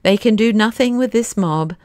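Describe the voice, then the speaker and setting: A woman voicing a dreamy, mournful old male professor who recites verse slowly. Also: medium pitch, a little mellow, dry recording, studio quality, close to an everyday voice.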